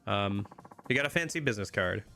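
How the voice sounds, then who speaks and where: A man's voice: lowish voice, animated, a little fast, vocal fry, bright, forceful tone. A man casually commenting while he plays a video game, rambling with many fillers. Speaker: streamer playing a game. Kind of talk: casual let's-play commentary.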